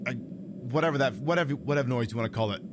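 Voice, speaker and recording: A man commentating on a video game playthrough, jokey and profane, getting loud and excited at surprises. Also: mid-range voice, rapid-fire, noisy background. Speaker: gameplay streamer. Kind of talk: let's-play commentary.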